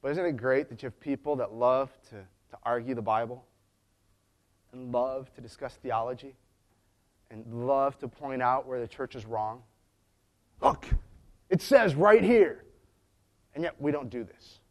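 A man's voice: mid-range voice, fairly even intonation, normal speed. Chatty storytelling preacher man. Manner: chatty storytelling with frequent restarts. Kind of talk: conversational sermon.

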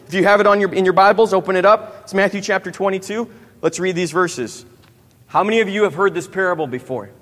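Delivering a sermon in a hall with long reverb, a thirty-something youth pastor keeps putting questions to his listeners and finishing lines with "right?". His voice is highish and a bit bright.

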